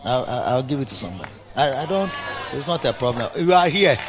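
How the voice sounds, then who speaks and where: A man with a Ghanaian accent preaching a church sermon, swinging between loud exhortation and quiet asides, slipping Twi phrases in among the English. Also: medium pitch, very animated, quick pace, highs cut off, noisy background. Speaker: pastor. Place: church service.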